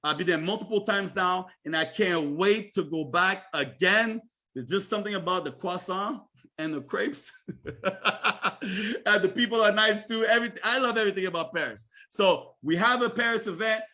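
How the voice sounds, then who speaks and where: A man with a Canadian accent gives an energetic, chatty sales presentation on a livestream, repeating himself and asking listeners questions. His voice sits high and moves fairly quickly.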